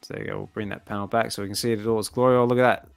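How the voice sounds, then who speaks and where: A man casually reading a comic aloud and reacting excitedly to the panels as a channel host. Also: on the low side, racing, vocal fry, clean tone, dry recording, soft background music.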